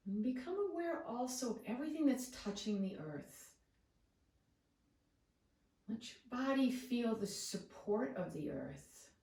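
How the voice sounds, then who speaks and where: A woman yoga teacher leading a guided breathing meditation with slow, soothing cues. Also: a little high, animated, vocal fry, mellow, far from the mic. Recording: echoey room, away from the mic.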